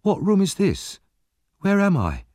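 A man's voice: sits high, huge pitch swings, unhurried, a little mellow, dry recording, pitched above the performer's own voice, heavily acted. A frail, frightened orphan boy from a storybook, asking timid and anxious questions in a raised, youthful voice, as a male narrator puts him on. The recording is close and dry, with no room sound around it. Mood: bewildered.

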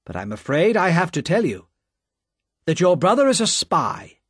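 A man voicing a calm, polite gentleman who speaks firmly and evenly. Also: a little high, husky, no echo, studio quality, voice pushed up, exaggerated voice. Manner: measured, polite, firm.

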